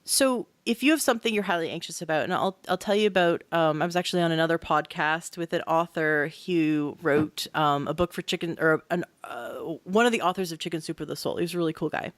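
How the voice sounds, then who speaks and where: Chatty animated woman podcast host. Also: on the low side, fast, few pauses, no room sound. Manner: animated storyteller, many fillers. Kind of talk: conversational explanation.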